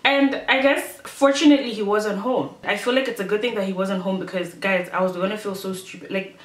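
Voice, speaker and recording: A young woman, telling a casual storytime to her viewers in a chatty, expressive way and acting out her own past thoughts. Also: medium pitch, a little fast. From Malawi. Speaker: YouTuber. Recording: echoey room.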